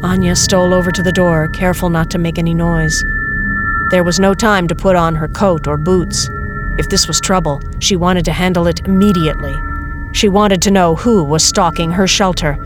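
A woman reading a novel aloud as narrator, in a steady, measured way. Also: lowish voice, over music. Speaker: audiobook narrator. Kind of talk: scripted narration.

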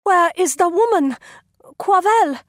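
A man's voice: very high voice, lively intonation, slow, dry recording, clean studio sound, voice pushed up, full character voice. A man voicing a tense, fierce young woman who asks short, urgent questions in an audiobook.

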